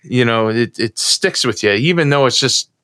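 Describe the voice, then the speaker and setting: A man's voice: medium pitch, animated, normal speed, pushed and bright, clear, resonant tone, dry recording, studio quality. A middle-aged man from the United States, co-hosting a podcast in casual chat and telling a long, rambling story. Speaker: podcast co-host.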